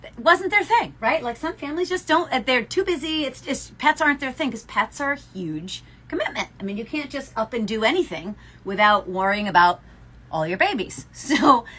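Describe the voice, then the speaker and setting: A woman's voice: high voice, lively intonation, normal speed, sharp tone, breathy edge. A woman co-hosting a casual podcast chat in a yarn shop, telling stories and laughing often. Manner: chatty storyteller, laughs often. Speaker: podcast co-host.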